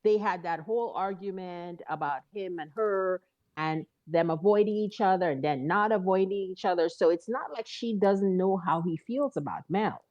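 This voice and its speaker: A woman's voice: lowish voice, moderate pace, a little mellow, highs cut off. A woman co-hosting a podcast who chats casually and backs up her partner with short agreements. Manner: agreeable, adds short affirmations. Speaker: podcast co-host. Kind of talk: casual recap chat.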